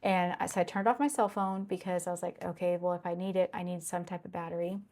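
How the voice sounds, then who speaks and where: A woman's voice: fairly low pitch, flat delivery, quick pace, a little mellow. A middle-aged woman telling a personal story earnestly, repeating phrases and checking in with "okay?". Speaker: consultant sharing a personal story. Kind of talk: personal testimony.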